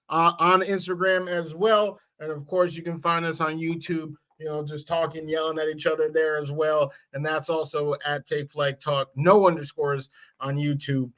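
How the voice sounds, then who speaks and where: High-voiced, enthusiastic man co-hosting. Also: fairly bright tone. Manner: enthusiastic, plugging his channels. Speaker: podcast co-host. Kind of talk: casual sports podcast chat.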